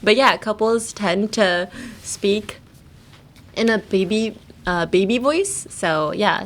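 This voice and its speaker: A woman's voice: mid-range voice, slow pace. A young woman hosting a bilingual podcast, chatting casually and playfully as she teaches. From United States. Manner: playful, giggly, switching between English and Japanese. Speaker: podcast host.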